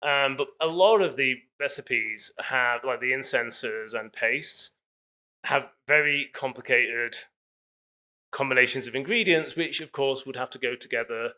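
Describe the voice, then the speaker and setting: A man's voice: mid-range voice, unhurried, sharp tone. A man giving a public lecture in a casual, digressive way, full of hedges and asides.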